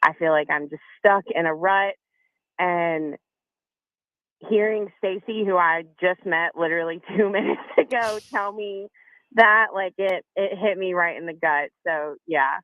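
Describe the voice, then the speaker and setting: A woman caller telling her personal story on a talk show, halting with frequent pauses. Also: lowish voice, no room sound. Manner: soft-spoken, halting, with many fillers. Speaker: caller receiving a reading. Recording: tinny phone line, dry.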